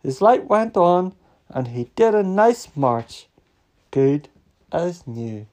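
A man hosting a bedtime-story podcast, reading aloud to his child in a gentle, expressive way. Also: fairly high pitch. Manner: gentle, expressive storytelling with slow drawn-out phrases.

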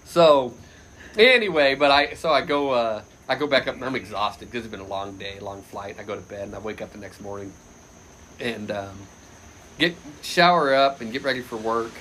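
A man telling a funny personal story as a podcast guest, loose and animated, often laughing and shouting out the lines he quotes. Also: mid-range voice, normal speed, slight background noise. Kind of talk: casual anecdote storytelling.

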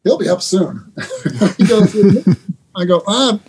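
A middle-aged man, a basketball head coach, telling animated stories with laughter and quick restarts in a casual interview. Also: sits high, slight background noise. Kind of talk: storytelling guest in a casual interview.

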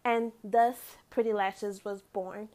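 A woman in her thirties talking casually on her own podcast, chatty and quick to give shout-outs and laugh. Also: medium pitch, steady tone. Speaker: lash business owner and podcast host. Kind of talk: casual solo podcast talk.

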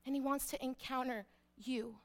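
A woman pastor preaching a sermon, emphatic, repeating key phrases and dropping to a hush for weight. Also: high-pitched, fairly even intonation, normal speed, creaky.

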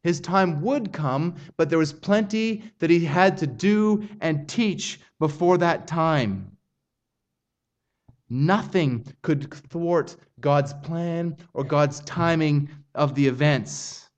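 Guy preaching a sermon, earnest, voice sits a bit high. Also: slow, dull audio. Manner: earnest expository preaching, rising intensity on quoted lines. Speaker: pastor.

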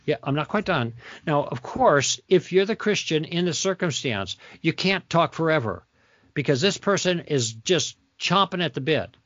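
A man's voice: a little high, lively intonation, moderate pace, fairly bright tone, no echo. A man being interviewed as a guest author, explaining conversation tactics in a teacherly way and acting out sample dialogue. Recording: dull lo-fi dry sound.

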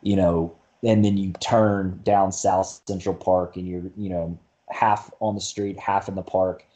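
A man's voice: low voice, warm tone. A man talking as a podcast guest, chatting casually and rambling with many fillers and restarts. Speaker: podcast guest, marathon runner. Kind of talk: casual conversation.

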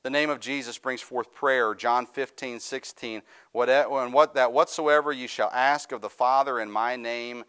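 A man's voice: medium pitch, fairly even intonation, normal speed, hardly any pauses, a bit bright, smooth. A middle-aged male pastor preaching a sermon, reading scripture aloud and rising into fervent, raised preaching.

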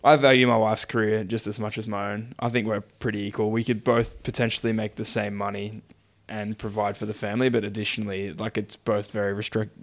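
Relaxed podcast co-host. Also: male voice, on the low side, brisk, few pauses. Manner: relaxed, storytelling. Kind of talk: casual podcast chat.

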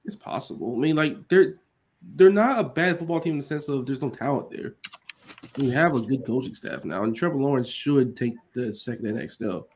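A man's voice: medium pitch, lively intonation, fairly quick, a little mellow, slight background noise. A man in casual sports chat, blunt and profane.

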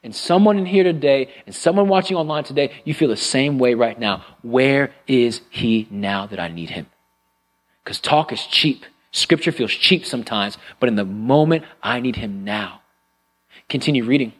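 Male pastor, sermon, expressive preaching, loud then hushed, church congregation. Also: medium pitch, normal speed, rough recording. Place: church sanctuary with live and online congregation.

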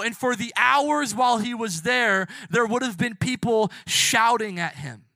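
A young male preacher with a high, bright voice, delivering a fervent sermon. He swings between loud, shouted crowd lines and hushed, drawn-out quotes. The sound is dry and close. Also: dry recording.

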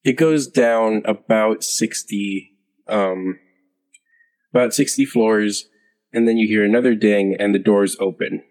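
A man narrating as game master of a tabletop game, hesitant and unhurried with many fillers. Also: on the low side, darkish tone. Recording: long hall reverb.

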